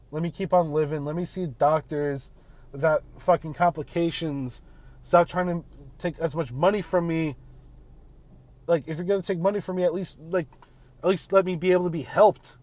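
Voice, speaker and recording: A man's voice: a little high, a little mellow. A man hosting a casual monologue from his car, talking bluntly with heavy swearing and often tacking on "man". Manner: blunt, profane, ranting, keeps saying "man". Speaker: podcast host. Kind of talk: casual monologue while driving.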